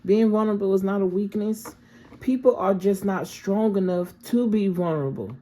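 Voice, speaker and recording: A woman's voice: mid-range voice, moderate pace, warm tone, rough recording. A woman giving a casual, affirming tarot reading and often checking in with "okay?". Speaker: tarot reader.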